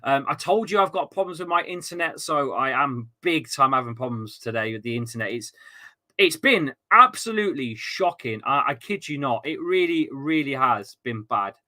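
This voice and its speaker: Excitable football fan streamer. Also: male voice, mid-range voice, normal speed. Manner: excitable, swearing, swings from grumbling to shouting. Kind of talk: live fan commentary.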